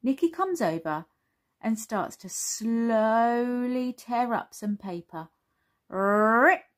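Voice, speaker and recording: A woman reading a children's story aloud, gentle and expressive. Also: mid-range voice, a little slow.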